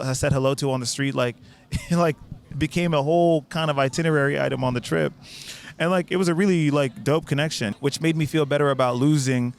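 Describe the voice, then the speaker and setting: A man from the United States casually telling a travel story, with many swings between low, quiet asides and high, excited bursts. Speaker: vlogger recounting a trip.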